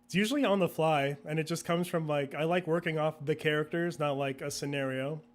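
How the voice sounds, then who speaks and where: A man's voice: on the high side, fairly quick. A young man chatting as an interview guest, rambling and laughing often, acting out his own thoughts in quotes. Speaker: guest, video creator. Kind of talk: casual interview chat.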